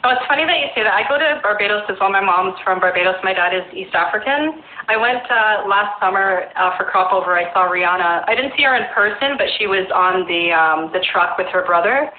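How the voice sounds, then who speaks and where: A woman's voice: mid-range voice, expressive, brisk, few pauses. A woman hosting a casual chat, giving supportive replies and short personal stories. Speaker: host. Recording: echoey room over a tinny phone line with faint noise.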